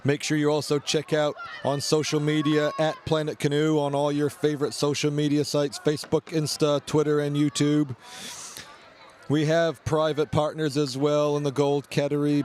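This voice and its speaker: Brisk male play-by-play commentator. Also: a little high, monotone, darkish tone, a little hiss or hum. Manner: brisk play-by-play, reads sponsor list. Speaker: match commentator. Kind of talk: live sports commentary.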